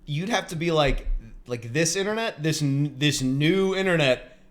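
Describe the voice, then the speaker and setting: A man's voice: a little high, expressive, a little slow. A man co-hosting a comedy podcast, trading laid-back jokes and banter in casual chat. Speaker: podcast co-host.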